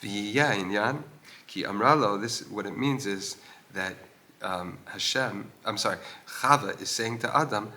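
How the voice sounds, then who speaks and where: Reading Hebrew lines and rendering them in translation, a Torah teacher works through a religious text in an old stone synagogue. His voice is lowish, bright and forceful; he explains with filler-laden pauses and asks questions out loud.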